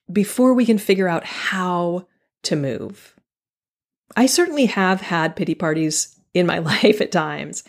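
A woman hosting her own podcast, talking candidly and thoughtfully, pausing to restart and laughing at herself now and then. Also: mid-range voice. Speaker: podcast host. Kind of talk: reflective solo podcast talk.

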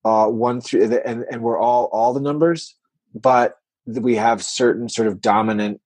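A man's voice: medium pitch, steady tone, normal speed, darkish tone, dry recording. A man in his forties talking as a podcast guest over a remote call, rambling with lots of "like" fillers. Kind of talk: casual conversation. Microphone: remote call recording.

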